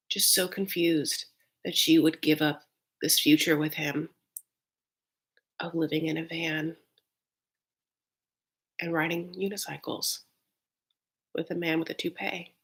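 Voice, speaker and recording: A woman's voice: low voice, gravelly, fairly bright tone. A woman hosting a live reaction recap of a reality show, chatting in a gossipy, sassy way with her viewers.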